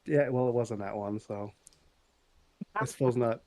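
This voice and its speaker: A young man playing in a tabletop game, excitable and thinking out loud, swearing freely. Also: mid-range voice, measured pace. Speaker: player. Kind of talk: casual game chat.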